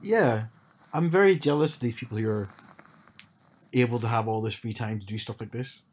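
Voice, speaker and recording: A man's voice: mid-range voice, moderate pace, breathy edge. A man co-hosting a casual chat podcast, talking hesitantly and often repeating words as he starts sentences. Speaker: podcast co-host.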